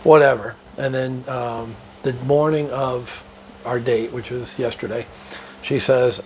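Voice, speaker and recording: Middle-aged guy ranting casually, gravelly voice, cusses a lot, faint hiss behind him. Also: mid-range voice, fairly even intonation, moderate pace, rough recording. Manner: blunt, profane, laughing between remarks. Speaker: vlogger. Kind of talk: casual monologue. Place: living in Thailand.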